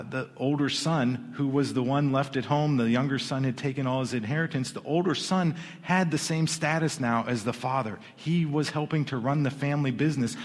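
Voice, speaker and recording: Pastor telling a story in an echoing hall. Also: male voice, mid-range voice. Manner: storytelling with casual asides and repeated starts. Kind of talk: sermon. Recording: long hall reverb.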